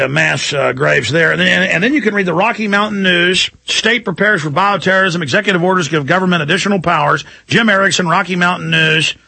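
Combative male talk-radio host, husky and dry, urgent rant. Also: high-pitched, pushed and bright, no echo.

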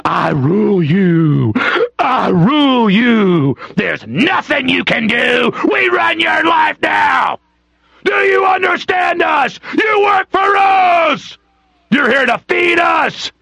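A man mimicking an arrogant, domineering police officer who shouts and sneers. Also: very high-pitched, sing-song, takes it slowly, vocal fry, dry recording, voice pushed up, exaggerated voice. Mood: shouting threats.

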